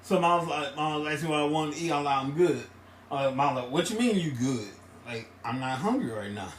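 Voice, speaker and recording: A man's voice: a little high, lively intonation, fairly quick, distant mic. A man, co-hosting a casual podcast, rambling through stories and repeating his phrases. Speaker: podcast co-host. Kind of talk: casual chat. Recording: echoey room with faint noise.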